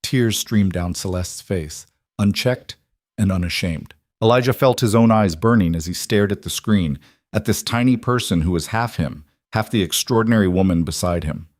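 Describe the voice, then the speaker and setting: A man narrating a scripted story in an even, measured way. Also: low-pitched, dry recording, studio quality.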